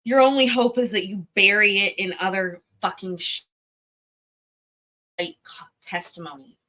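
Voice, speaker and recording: A woman's voice: mid-range voice, measured pace, sharp tone. A woman commenting on a court clip, talking bluntly and with profanity. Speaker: commentator reacting to court testimony. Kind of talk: reaction commentary.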